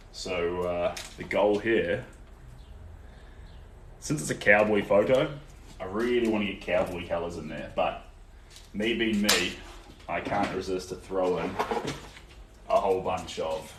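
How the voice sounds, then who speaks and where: A young New Zealand man with a fairly low voice talks in a relaxed, chatty way, with plenty of ums as he works. He answers viewers during a live painting stream in his studio. The sound is roomy and a little distant, with faint noise underneath. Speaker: artist livestreaming a painting session. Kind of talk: casual live-stream chat while painting. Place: indoor art studio.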